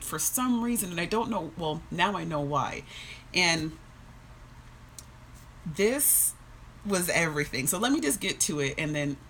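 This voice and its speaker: Casting: soft-spoken woman, low-pitched, earnest and emotional, on the edge of tears, faint background hiss on a phone. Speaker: fitness social media host. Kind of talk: casual live-stream talk and reading aloud.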